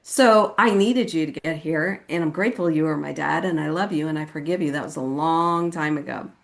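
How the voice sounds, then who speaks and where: At a meeting, a woman from California tells her recovery story in a brisk, creaky voice. The delivery is casual and chatty, peppered with "like" and "you know what I mean," and she dramatizes quotes by suddenly raising her pitch high.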